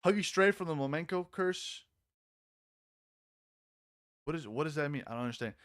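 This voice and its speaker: A man with a fairly high voice runs a casual live-stream commentary, sharp, excitable and mocking, with plenty of swearing. His voice is close and dry, with no room sound around it. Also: normal speed, dry recording.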